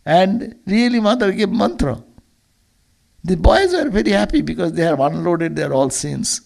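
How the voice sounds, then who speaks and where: A man's voice: sits high, animated, moderate pace, vocal fry, darkish tone. A man, a monk, giving a Sunday lecture as a storytelling sermon, earnest and often restarting or repeating words.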